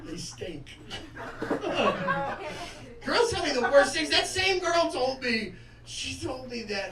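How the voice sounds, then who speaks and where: A man's voice: very high voice, sing-song, takes it slowly, pauses often, crowd noise. Jovial crude young male comic. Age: 20s. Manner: jovial, crude and self-mocking. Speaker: stand-up comedian. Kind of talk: stand-up comedy set. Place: comedy club stage. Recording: roomy club sound from a distance with audience laughter.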